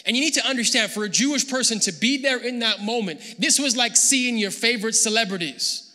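A man preaching a sermon as pastor, animated and acting out the people he quotes. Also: extremely high pitch, fairly quick, long reverb tail. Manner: animated, acts out quoted voices. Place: church hall.

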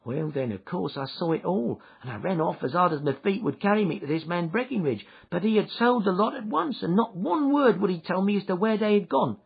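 A man's voice: high-pitched, expressive, fairly quick, gravelly, few pauses, husky, pitched above the performer's own voice, full character voice. A man voicing a frightened young male thief who pleads and breaks into sobs. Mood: pleading. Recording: dull lo-fi recording.

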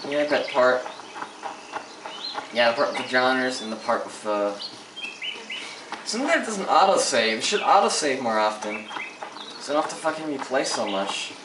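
Male gamer commentator, mid-pitched, cursing a lot; distant, echoey mic with loud game noise behind. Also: very animated, normal speed, long pauses. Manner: profane, frustrated ranting. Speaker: gameplay commentator. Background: game audio with ambience.

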